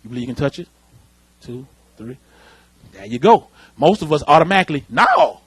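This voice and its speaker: Male pastor, animated sermon delivery, high and husky. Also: fairly quick, no room sound. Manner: animated preaching, calls out to the congregation. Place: church sanctuary.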